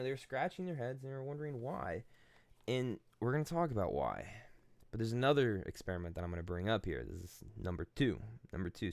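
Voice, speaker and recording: A man's voice: on the low side, no room sound. A man hosting his channel, giving a casual philosophical monologue in blunt, profane storytelling that acts out the people he quotes. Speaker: channel host.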